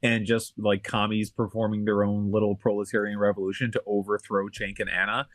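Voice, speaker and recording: A man's voice: fairly low pitch, level tone, brisk, dry recording. A man co-hosting a podcast in casual chat, hesitant and self-deprecating. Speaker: podcast co-host.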